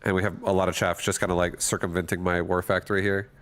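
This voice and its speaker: A man's voice: sits low, flat delivery, fast talker, fairly bright tone, smooth. A man narrating his own moves in live gameplay commentary, talking himself through each decision. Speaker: gamer streaming.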